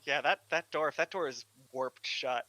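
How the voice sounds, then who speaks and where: Joking guy at a tabletop game, sharp bright voice. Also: on the high side, normal speed, no echo. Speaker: player. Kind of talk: tabletop game play, casual.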